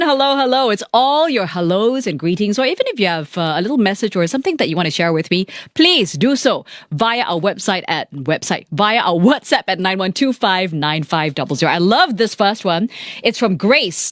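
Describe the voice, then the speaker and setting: A woman's voice: mid-range voice, big pitch swings, normal speed, fairly bright tone, no echo, clean studio sound. Bubbly woman radio host. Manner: bubbly, chatty, reads out listener messages. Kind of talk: live radio show chat. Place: radio studio.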